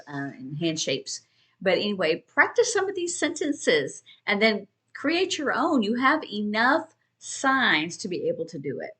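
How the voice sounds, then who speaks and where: A woman teaching sign language, explaining in a casual, conversational way with pauses and restarts. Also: a little high, a bit bright. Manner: conversational, with fillers and restarts, shifting between quick and slow. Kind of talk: casual instructional talk.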